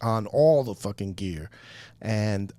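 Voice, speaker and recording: A man casually telling a story on a podcast, animated and profane, acting out what people said. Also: fairly low pitch, slow pace, no echo. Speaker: podcast guest.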